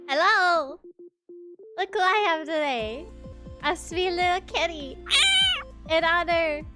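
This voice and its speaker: A woman streamer giving excited gameplay commentary, giggling and squealing as she gushes over how cute everything is. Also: very high-pitched, extremely slow, pauses often, over loud music. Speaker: video game streamer.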